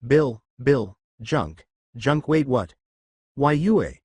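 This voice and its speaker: A man voicing an excitable, eager mother who talks quickly. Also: mid-range voice, breathy edge, no room sound, studio quality, heavily acted. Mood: excited.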